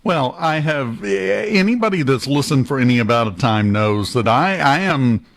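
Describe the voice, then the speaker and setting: A man chatting on a radio show with joking, animated banter, hiccuping now and then. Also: medium pitch, normal speed, gravelly. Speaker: regular radio guest. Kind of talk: casual radio chat.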